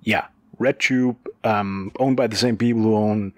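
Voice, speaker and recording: A man's voice: fairly low pitch, steady tone, measured pace, no room sound. A man co-hosting a podcast who explains news stories in a chatty, casual way. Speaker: podcast co-host. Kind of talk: casual chat.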